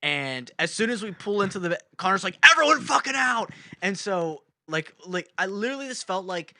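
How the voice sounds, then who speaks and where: A young man co-hosting a podcast, telling a story in a casual, animated way and acting out quoted shouts. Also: sits high, normal speed, dry recording, studio quality. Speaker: podcast co-host.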